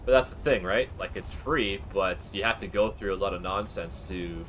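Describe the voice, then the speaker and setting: A man's voice: sits low, normal speed, a bit bright, slight background noise. A man chatting casually while he streams a game. He rambles candidly, with lots of fillers and the odd swear word. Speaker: gaming livestreamer.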